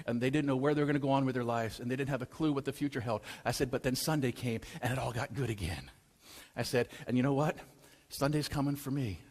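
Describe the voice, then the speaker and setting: A man preaching a sermon and telling a story. His voice swings between loud, urgent pleas and hushed, quiet lines. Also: medium pitch. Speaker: pastor. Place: church sanctuary. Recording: long church hall reverb.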